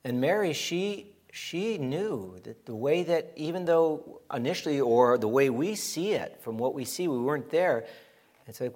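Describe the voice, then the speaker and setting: Animated preacher man, slightly high voice. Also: measured pace. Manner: animated preaching, acting out quoted voices, rising to emphatic peaks. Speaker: pastor. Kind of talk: sermon.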